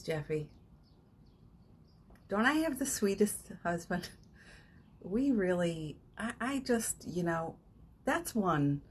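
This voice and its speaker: A woman hosting a live morning session as a spiritual coach, chatting casually and leading guided affirmations, with frequent laughs and soft, almost whispered phrases. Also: medium pitch, husky. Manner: chatty, warm-hearted, laughs often, breaks into soft affirmations. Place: home, streaming live from her phone.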